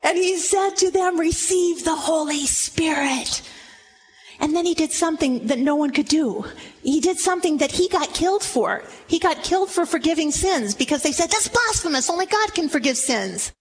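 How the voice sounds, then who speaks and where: A woman in her sixties with a high voice teaches from scripture, reading the verses aloud with dramatic emphasis. She turns to her listeners with direct questions. A faint hiss runs under the recording. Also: expressive, a little fast. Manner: addresses the audience directly with questions. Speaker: religious teacher. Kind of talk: Bible teaching talk.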